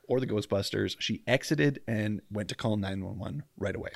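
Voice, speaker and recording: A man's voice: lowish voice, moderate pace, gravelly, no room sound. A man co-hosting a casual true-crime podcast, chatty and jokey, tripping over names as he tells the story. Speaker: podcast co-host. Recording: dry close mic at home, faint outdoor hum.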